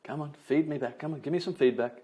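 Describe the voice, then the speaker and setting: A man trainer giving a lively online webinar, leaning on emphasis and tag questions like "right?", speaking over a video call. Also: a little high, fast talker.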